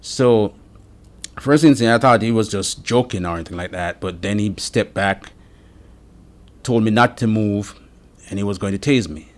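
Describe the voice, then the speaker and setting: A man with a notably low, deep voice gives testimony. His account is steady and earnest, and he recounts what happened in order. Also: moderate pace, long pauses. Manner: earnest, steady retelling with frequent quoted dialogue. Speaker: interviewee giving testimony. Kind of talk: first-person account of an incident.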